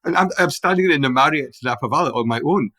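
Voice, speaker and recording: A middle-aged Scottish man with a Glaswegian accent talks fast in a voice on the high side, with no echo around him. As a podcast guest, he tells animated anecdotes in casual conversation, restarting his sentences many times.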